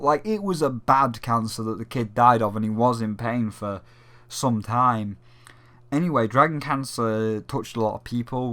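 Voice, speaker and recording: A young man vents in a loose, sweary rant, now and then mimicking others in a mocking tone. His voice sits a little high and has a bright, forceful edge. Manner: profane, animated, slips into mocking impressions. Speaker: gaming vlogger. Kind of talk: casual ranting commentary.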